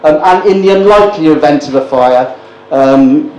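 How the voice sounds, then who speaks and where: A man's voice: a little high, moderate pace, lo-fi sound. Cheeky, sweary sixty-something male comedy compere. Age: 60s. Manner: cheeky, sweary banter with the audience. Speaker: stand-up compere. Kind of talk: stand-up comedy hosting with crowd work. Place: indoor live comedy gig at a brewery. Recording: echoey room with loud background noise.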